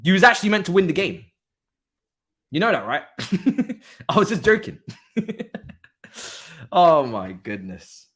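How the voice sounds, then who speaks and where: A man's voice: high voice, sing-song, a little slow, long pauses, fairly bright tone. A man hosting a live football watchalong stream, teasing, swearing and laughing at a rival club's defeat. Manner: swears freely in slangy chat. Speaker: streamer host.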